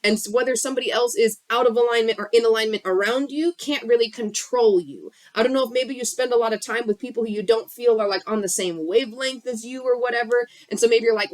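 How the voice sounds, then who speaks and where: A woman's voice: on the high side, brisk, dry recording. A woman giving an impassioned, blunt motivational talk about healing on a live stream from her bedroom, swearing freely. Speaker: spiritual coach on a live stream. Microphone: phone.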